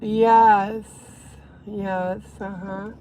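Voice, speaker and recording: A woman's voice: mid-range voice, flat delivery, drawn-out words, warm tone, rough recording. A woman gossiping on a casual livestream from her car, swearing and rambling as she drives. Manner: profane, rambling, laughing. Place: inside a car, driving. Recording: road noise behind.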